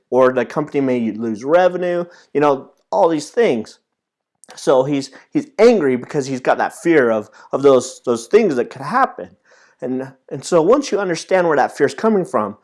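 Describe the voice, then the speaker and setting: Thirties male trainer, slightly raised pitch, earnest storytelling delivery, casual self-help talk. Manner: earnest, storytelling, many restarts and repeated words.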